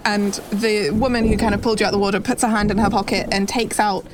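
A woman's voice: mid-range voice, little pitch movement, fast talker, hardly any pauses, noisy background. A woman narrating a tabletop game as game master, descriptive and rambling with lots of "kind of" and "like".

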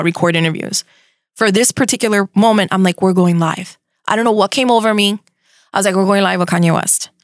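A middle-aged woman from tells a story as a guest in a casual interview. She speaks quickly and with animation, swears freely and mixes in Spanish words. Her voice sits at an average pitch and sounds dry and close to the mic. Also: no echo. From Miami. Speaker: radio host as guest.

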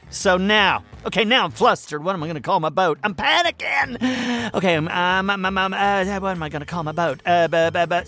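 A man voicing a boastful, excitable furry animal sidekick who hosts a kids' comedy radio show. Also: sits high, heavily acted.

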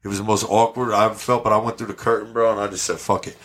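On a podcast, a male guest with a fairly low voice races through brash, profane stories. He's an animated storyteller, and the talk is casual chat.

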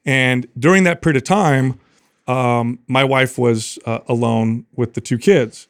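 A man co-hosting a podcast, telling a long story in a casual, animated way and acting out what people said. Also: medium pitch, unhurried, clear, resonant tone, no room sound, studio quality. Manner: animated storyteller, acts out quotes. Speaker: podcast co-host.

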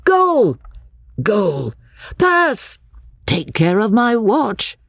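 A woman reader voicing an excitable male country vicar who shouts in a boyish, playful way. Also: very high-pitched, a little slow, dry recording, clean studio sound, pitched above the performer's own voice, exaggerated voice. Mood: playful scolding. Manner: shouting playfully, then scolding.

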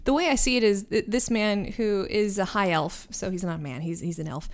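A woman's voice: medium pitch, fairly quick. A woman narrating a tabletop role-playing game as game master, describing scenes and laughing often.

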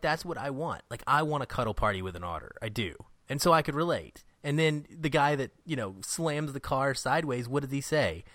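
Co-hosting a film podcast, a man with a mid-range voice chats casually and animatedly, laughing often and doing quick impressions of characters' lines. There's no room sound.

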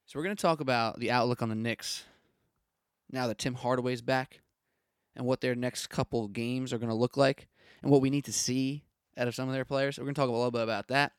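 A young man hosts a solo sports podcast in a punchy, opinionated rant, firing off rhetorical questions. His voice sits at an ordinary middle pitch. The recording is dry and close, with no room sound. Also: fairly even intonation, brisk, clear, resonant tone, no echo.

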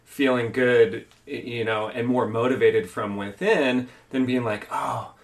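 A man's voice: medium pitch, steady tone, a little slow. A man co-hosting a podcast, thinking aloud in a reflective, casual way. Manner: thoughtful, reflective.

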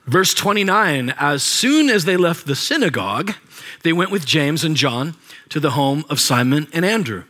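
A man's voice: a little high, sing-song, normal speed, sharp tone. A man preaching a sermon as pastor, reading scripture aloud and adding casual, joking asides to the congregation. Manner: reads scripture aloud with commentary.

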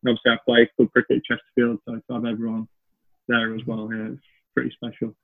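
Chatty young cricketer, husky. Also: male voice, medium pitch, level tone, fast. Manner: chatty, says "like" often. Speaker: cricketer guest. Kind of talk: casual podcast chat. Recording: phone-like lo-fi audio.

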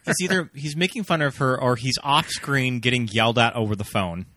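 A man co-hosting a podcast in casual chat, offering measured, thoughtful asides. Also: medium pitch, bright, forceful tone, no echo. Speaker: podcast co-host.

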